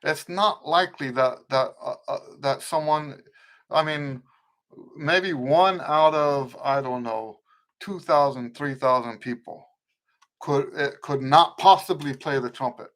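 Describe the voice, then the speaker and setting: A man's voice: on the high side, measured pace, a bit bright. A middle-aged man with a mixed American accent rooted in Western Pennsylvania, a trumpet teacher hosting a casual live Q&A and often restarting and rewording his sentences. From eastern United States. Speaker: trumpet teacher and show host.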